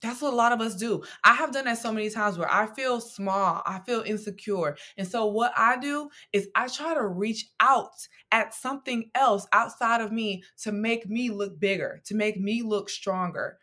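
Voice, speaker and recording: A young woman hosting a devotional podcast, teaching from scripture in a conversational, animated way with casual slang and playful asides. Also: on the high side, normal speed, hardly any pauses.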